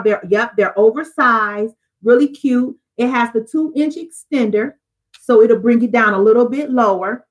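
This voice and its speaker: A woman pitching jewelry live to her viewers. Her voice sits a little high, and she keeps it chatty and upbeat. She speaks up close to a phone or webcam. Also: poor audio. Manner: chatty, upbeat, addresses viewers directly as "y'all". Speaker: jewelry seller on a live stream. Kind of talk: live-stream sales pitch.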